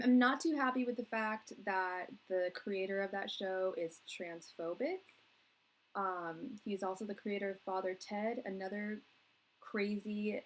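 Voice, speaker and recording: A woman's voice: medium pitch, a bit bright, poor audio. Chatty young woman hosting a live stream. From England. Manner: chatty, rambling, laughs often, slangy. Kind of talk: casual live-stream chat with viewers.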